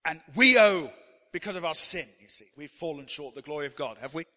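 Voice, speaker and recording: A man's voice: fairly high pitch, expressive, brisk, pushed and bright, in a large hall. A man preaching a sermon as pastor, emphatic, and leading the congregation in call-and-response.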